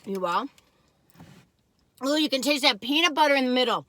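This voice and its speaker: A middle-aged woman chatting casually and excitedly as she taste-tests and reviews cookies, talking while she eats. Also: high-pitched, normal speed. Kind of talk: casual taste-test chat.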